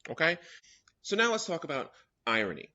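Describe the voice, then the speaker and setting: A man's voice: on the high side, big pitch swings, fairly quick, pushed and bright. A man teaching a young writers' workshop, explaining step by step and often checking in with "all right?". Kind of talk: classroom lecture. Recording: dull lo-fi recording.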